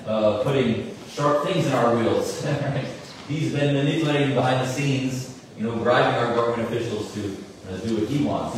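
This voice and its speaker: Animated storyteller in an echoey hall. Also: male voice, medium pitch. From United States. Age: 40s. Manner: animated storyteller with frequent fillers and asides. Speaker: musician giving a talk. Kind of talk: storytelling talk to an audience. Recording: echoey hall, mic at a distance, faint room noise.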